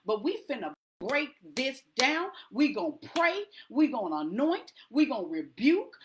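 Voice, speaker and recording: A woman preaching to a congregation in an emphatic, repetitive rallying cadence. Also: high-pitched.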